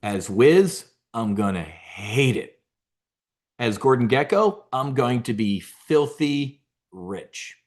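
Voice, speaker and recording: A middle-aged man with a voice of ordinary pitch delivers punchy, emphatic market commentary. He talks bluntly, swears a little, and quizzes his audience with questions he answers himself. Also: big pitch swings, slow pace. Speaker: host of a stock options trading show.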